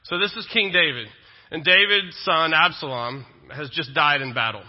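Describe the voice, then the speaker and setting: A man's voice: a little high, normal speed. A male pastor, preaching a sermon in a conversational style with joking asides. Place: church sanctuary. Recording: dull lo-fi sound with long reverb.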